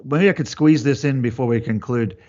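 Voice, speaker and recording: A man's voice: mid-range voice, a little fast, darkish tone, dull audio. An Australian man hosting a podcast, who keeps the interview banter light and teasing. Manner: jokey, teasing, upbeat host banter. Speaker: podcast host.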